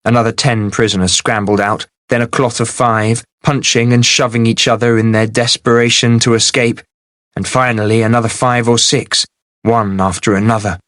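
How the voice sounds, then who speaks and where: A man narrating a fantasy novel in a steady, measured audiobook reading. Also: medium pitch, no echo, clean studio sound.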